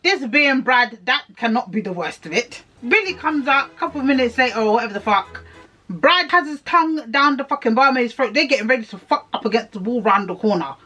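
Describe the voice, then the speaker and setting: A young woman rants through a TV recap with heavy sarcasm and plenty of swearing. Her voice sits high, and soft music plays faintly underneath. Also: a little fast. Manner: sarcastic, profane, animated. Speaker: TV reviewer. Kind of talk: casual ranting recap.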